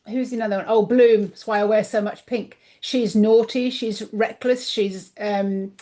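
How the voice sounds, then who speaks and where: A woman appears as a guest on a podcast, an intuitive coach and author chatting casually about her coaching work. Her medium-pitched voice is animated, and she acts out the voices she quotes. It grows a little tired, and she clears her throat.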